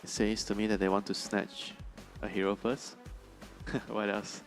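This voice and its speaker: A man working as an esports analyst on a broadcast desk, talking in a measured way and thinking aloud with fillers. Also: fairly low pitch, flat delivery, faint music behind.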